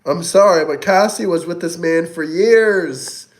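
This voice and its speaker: A young man chats casually on his livestream and answers viewers one by one. His voice sits fairly high, and his manner is mocking and taunting, with plenty of swearing. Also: unhurried. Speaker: livestream host reading chat.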